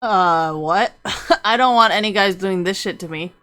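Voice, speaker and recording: A woman's voice: medium pitch, moderate pace, sharp tone. A young woman streamer giving rambling, profane, casual commentary on a game, laughing often.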